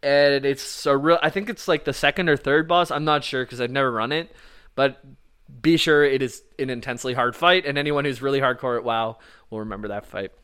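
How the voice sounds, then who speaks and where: A man talking loosely and at length, full of "like" and "um", tossing in a curse now and then. His voice is smooth and clean. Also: mid-range voice, brisk, fairly bright tone. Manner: rambling, casual, swears, frequent fillers. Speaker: podcast co-host explaining game lore. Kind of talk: casual chat.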